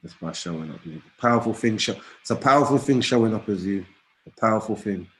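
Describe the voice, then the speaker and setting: A middle-aged man, a guest on a video call, telling lively stories about his children and laughing often. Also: fairly low pitch, fairly quick. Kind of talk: casual storytelling.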